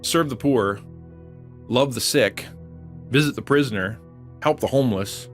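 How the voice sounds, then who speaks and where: A preacher voicing God, gently instructing. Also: male voice, mid-range voice, unhurried, soft background music, close to an everyday voice. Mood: instructive. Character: God speaking kindly to a seeker.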